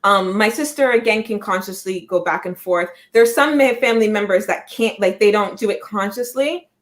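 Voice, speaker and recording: A woman in her thirties, from Jamaica but raised in Canada, hosts a psychic livestream in a Canadian accent, her mid-range voice at normal speed. It's casual chat full of rambling, animated stories, with lots of restarts and laughing.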